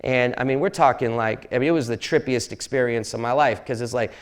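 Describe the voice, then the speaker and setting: A man's voice: mid-range voice, a little fast. A man tells stories to a live audience in a university lecture hall. His delivery is loose and conversational, full of fillers, restarts and asides. He jokes with the crowd as he goes along. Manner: rambling, jokey, with many fillers and restarts. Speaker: sportswriter giving a public talk. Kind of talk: casual storytelling talk to an audience.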